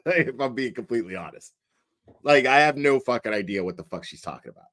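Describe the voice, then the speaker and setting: A man's voice: mid-range voice, animated, fairly quick, a bit bright. A man giving casual reaction commentary, rambling, sarcastic and heavy on swearing. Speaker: reaction streamer.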